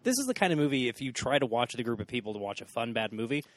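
A man's voice: medium pitch, racing, no room sound. A man co-hosting a podcast, chatting casually and sarcastically about a bad movie. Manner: animated, sarcastic, mock-shouts at characters. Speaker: podcast co-host. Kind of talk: casual movie review chat.

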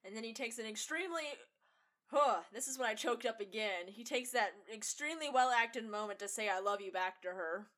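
A woman's voice: a little high, animated, a little fast, fairly bright tone. A woman co-hosting a podcast, chatting casually and emotionally, swearing freely. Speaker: podcast co-host. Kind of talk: casual chat.

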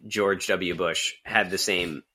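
A man's voice: deep voice, fairly even intonation, slow pace, bright, forceful tone. A man co-hosting a casual podcast from home, joking and laughing often. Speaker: podcast co-host. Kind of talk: casual chat.

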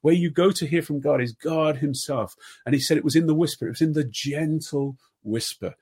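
A man in his fifties preaching a sermon, earnest, asking repeated questions and dropping to soft tones at times. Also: on the high side, a little fast, husky. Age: 50s. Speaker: pastor.

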